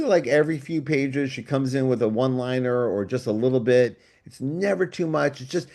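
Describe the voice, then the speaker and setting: Enthusiastic man musing on a call. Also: mid-range voice. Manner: enthusiastic, thinks out loud in long digressions. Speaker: comic book writer, guest on a book club show. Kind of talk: casual podcast discussion. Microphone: video call.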